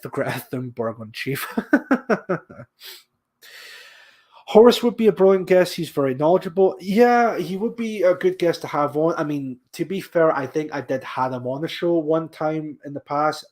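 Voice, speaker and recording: A man's voice: fairly high pitch, expressive, normal speed. A man from Scotland with a mild Scottish accent, hosting a podcast and chatting casually while reading out viewer comments. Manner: rambling, with frequent restarts and fillers. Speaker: podcast host.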